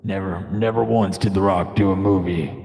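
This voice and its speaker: A man putting on the voice of a gravelly old male rock singer, growling in a drawn-out sing-song chant. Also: deep voice, fairly even intonation, mellow, big-room sound, pitched below the performer's own voice. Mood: growling swagger. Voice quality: gravelly, husky.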